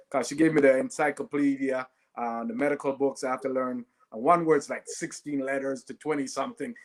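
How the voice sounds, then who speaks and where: A man's voice: medium pitch, fairly quick, few pauses. A man, a guest telling stories in an interview and often adding "right?". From Jamaica. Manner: animated, often adds "right?". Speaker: guest, former Olympic sprinter. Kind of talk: storytelling in a podcast interview.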